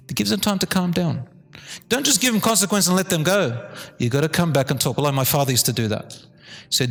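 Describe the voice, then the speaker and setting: A man giving a lively talk on parenting to a live audience, sometimes dropping to a low, calm tone. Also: normal speed, gravelly. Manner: animated, drops to a low calm tone to demonstrate. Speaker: Islamic teacher giving a talk. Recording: hall reverb.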